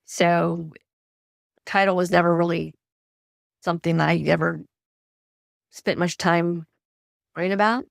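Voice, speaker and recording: Middle-aged woman spinning stories in a chat, lively, close dry mic. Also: lowish voice, unhurried, vocal fry, long pauses, dry recording. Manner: animated, acts out quoted dialogue. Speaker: guest author. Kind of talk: conversational storytelling.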